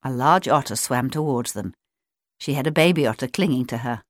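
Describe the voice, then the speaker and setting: A woman with a low voice reads a children's story aloud. Her delivery is gentle but lively, rising and falling through each sentence, recorded close and dry with no room sound. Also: brisk, no room sound.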